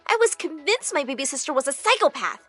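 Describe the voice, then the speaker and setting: A woman narrating an animated drama story in an expressive, dramatic way. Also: high-pitched, fast talker. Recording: faint background music.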